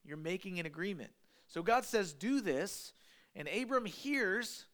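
A male pastor preaching a sermon in an animated, conversational way, with emphatic asides to the congregation. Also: sits high, a little slow.

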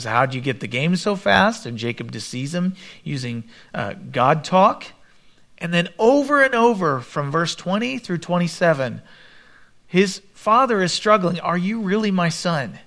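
A man preaching a sermon, reading scripture aloud and commenting, with a quieter, lower voice for the quoted speakers. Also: measured pace. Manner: expressive Bible reading with commentary, drops voice for quoted lines. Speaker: pastor.

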